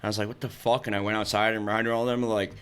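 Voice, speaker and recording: A young man talking as a guest in a casual interview, telling stories fast with lots of swearing and acted-out quotes. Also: lowish voice, flat delivery, a bit bright, smooth. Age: young adult.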